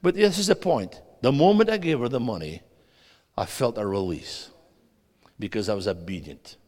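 A man preaching a sermon as a guest preacher, animated, swinging between loud and hushed and putting questions to the audience. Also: medium pitch, moderate pace. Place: church hall. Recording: long hall reverb.

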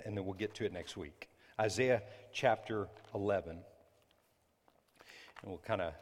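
A male pastor preaching a sermon during a church service. He talks conversationally, breaks into sudden loud bursts, and adds apologetic asides. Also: lowish voice, long reverb tail.

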